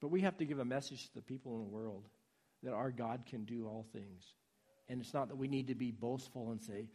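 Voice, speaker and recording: A man preaching a sermon in a husky voice, swinging from soft pleading to loud urging. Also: mid-range voice, brisk.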